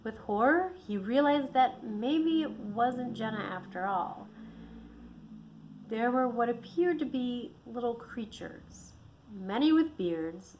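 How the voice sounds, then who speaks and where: A woman's voice: on the high side, darkish tone, slight background noise. Woman author reading her own novel. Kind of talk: audiobook narration.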